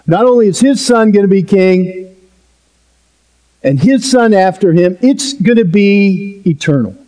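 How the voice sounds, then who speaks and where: A man's voice: sits high, animated, unhurried, mellow. A male pastor preaching a sermon in an earnest, emphatic way, with playful asides.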